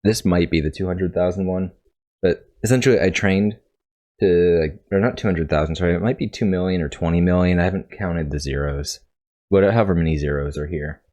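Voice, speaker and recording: A man with a deep, low voice talks through his project in a casual tutorial. He sounds congested and rambles, often stopping to correct himself as he thinks aloud. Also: fairly quick, darkish tone. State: congested, coughing. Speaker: coding tutorial host. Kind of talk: casual screen-share coding tutorial.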